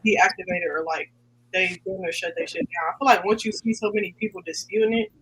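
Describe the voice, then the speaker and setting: Woman co-host, rapid and animated, bright forceful tone. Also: medium pitch, husky, low-quality recording. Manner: fast, animated opinionating. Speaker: podcast co-host. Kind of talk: casual chat.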